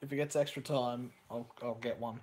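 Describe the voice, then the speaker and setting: Young man, live stream match reaction, excitable, casual swearing, reads chat aloud, middle pitch, faint background hiss. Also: normal speed.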